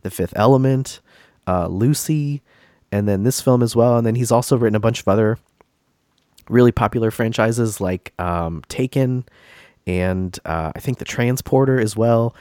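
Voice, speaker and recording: A man's voice: mid-range voice, moderate pace, dark tone, dry recording, studio quality. A man hosting a casual gaming podcast, stuffy and congested from a cold, rambling with many fillers and restarts. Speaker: podcast host.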